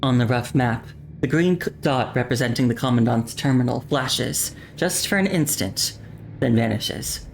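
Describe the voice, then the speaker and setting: Very deep-voiced woman reading a game story. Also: a little hiss or hum. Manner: slow, deliberate storytelling with wry asides. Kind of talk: narrating a game story aloud. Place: home streaming setup.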